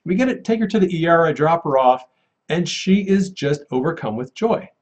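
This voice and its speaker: Animated man telling a story. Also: on the high side, moderate pace. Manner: animated, laughs often, acts out quoted voices. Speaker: paramedic and guest sharing a testimony. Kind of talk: casual storytelling testimony.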